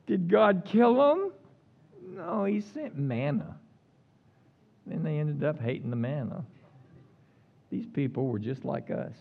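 Animated high-voiced male preacher. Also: measured pace, dull audio. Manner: animated, jokey, reads scripture aloud acting out the complainers. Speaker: pastor. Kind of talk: sermon.

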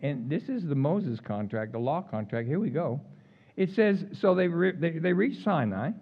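A pastor with a fairly high, creaky voice preaches at a moderate pace on a lo-fi recording. Animated and joking with his congregation, he reads scripture aloud and acts out the complainers in dramatic voices.

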